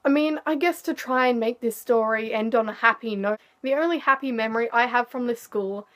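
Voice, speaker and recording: Teen girl vlogger, slightly high, candid and sarcastic storyteller. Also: brisk, fairly bright tone. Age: teens. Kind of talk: storytime vlog.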